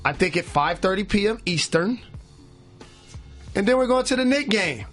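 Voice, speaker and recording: A man co-hosting a podcast in easygoing, measured talk. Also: sits high, lively intonation, a bit bright, soft background music. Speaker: podcast co-host. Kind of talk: casual podcast banter.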